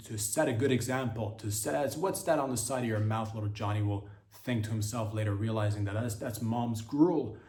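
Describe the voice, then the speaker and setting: Guy rambling crude jokes, cursing deadpan, echoey room. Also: lowish voice. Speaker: podcast host. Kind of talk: crude comedic storytelling. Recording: roomy echo.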